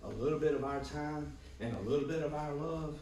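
A man preaching a sermon as pastor, calling "Amen?" to his congregation and swinging between loud bursts and quiet, low passages. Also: brisk, slight background noise. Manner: preaching with frequent "Amen?" call-outs to the congregation. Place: church sanctuary with congregation. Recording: echoey room, voice from far off.

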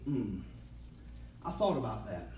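A man, preaching a sermon as pastor, humming between lines and building to shouts. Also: on the low side, sing-song, a little slow, reverberant, distant mic, a little hiss or hum, low-quality recording. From Georgia, US. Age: 40s. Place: church sanctuary.

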